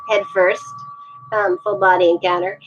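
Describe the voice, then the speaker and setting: A woman guest on a video call talking about wine with a relaxed, enthusiastic manner and frequent fillers. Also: mid-range voice, normal speed, muffled recording, soft background music. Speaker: guest, wine communications expert. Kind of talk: casual interview over video call.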